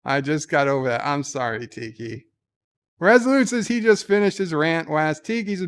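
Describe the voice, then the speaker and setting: A man's voice: fairly high pitch, expressive, normal speed, vocal fry. A man hosting a livestream, reading chat comments aloud in a casual, wry way with frequent filler words. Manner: reads chat aloud, chatty, lots of uh fillers, wry asides. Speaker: livestream host.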